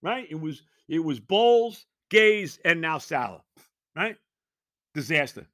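A man's voice: fairly high pitch, big pitch swings, unhurried, fairly bright tone, no room sound, studio quality. A man ranting as a sports talk host, exasperated and sarcastic, firing off rhetorical questions. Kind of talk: ranting sports commentary monologue.

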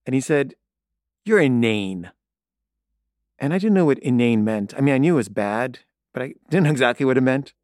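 A man's voice: mid-range voice, lively intonation, fast talker, hardly any pauses, darkish tone, no room sound, clean studio sound. A man telling a personal story in a casual, conversational way, retelling a conversation line by line.

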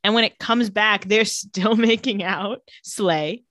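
A woman's voice: medium pitch, dry recording. A woman co-hosting a casual podcast, retelling a TV episode and acting out the characters' lines. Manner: lively storytelling, acting out lines in quick voices. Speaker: podcast co-host recapping a TV episode. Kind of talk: casual chat.

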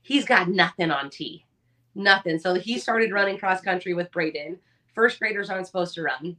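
A woman's voice: lowish voice, moderate pace, sharp tone. A woman in her thirties, a mother of four, talking candidly and with animation in a casual chat, swearing now and then. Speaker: podcast co-host.

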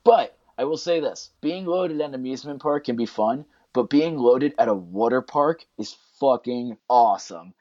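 A man's voice: mid-range voice, lively intonation, moderate pace, hardly any pauses, mellow. A married man co-hosting a podcast, talking loosely and profanely in casual chat. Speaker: podcast co-host. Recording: slightly dull lo-fi audio.

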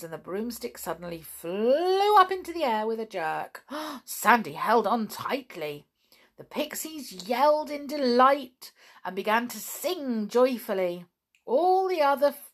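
A woman reading a children's story aloud with gentle, expressive delivery. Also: medium pitch.

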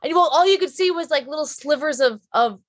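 A woman guest on a podcast, an actress chatting casually in a rambling, animated way with lots of fillers. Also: sits high, brisk, dry recording. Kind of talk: casual chat.

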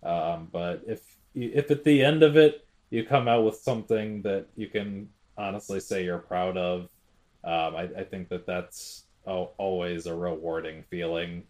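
A young man hosting a casual podcast, talking in a halting way with many fillers and restarts. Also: sits low, a little mellow. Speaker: podcast host.

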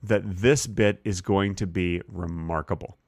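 A man co-hosting a comedy podcast, telling absurd stories in a deadpan way. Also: deep voice, measured pace, no echo, studio quality. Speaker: podcast co-host. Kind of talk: improvised comedy podcast banter.

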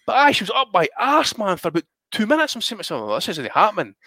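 A man's voice: sits high, big pitch swings, fast, sharp tone, no room sound. Profane Scottish man telling rambling stories. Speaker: podcast co-host. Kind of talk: casual chat.

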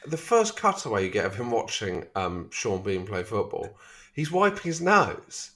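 Lively low-voiced man chatting. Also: moderate pace. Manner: animated, laughs easily. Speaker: film podcast host. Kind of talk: casual chat.

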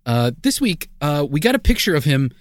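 A man co-hosting a podcast in casual comedic banter, with dry jokes and halting fillers. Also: on the high side, very animated, no echo. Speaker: podcast co-host.

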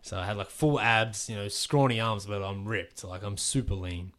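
A man, a pro wrestler telling a story on a casual podcast, animated and swearing freely as he acts out the quotes. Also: on the low side, moderate pace.

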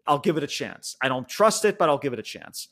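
A man with a high, very animated voice rants as a podcast co-host in casual, profane chat. His talk is exasperated and full of "like," with plenty of restarts. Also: fairly quick. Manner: frequent fillers and restarts like "like". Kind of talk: casual wrestling review chat.

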